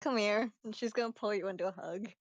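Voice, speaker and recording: A woman narrating her character casually in a roleplay session, relaxed and filler-heavy. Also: mid-range voice, quick pace, dry recording, highs cut off. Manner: relaxed, uses many fillers. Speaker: tabletop roleplay player.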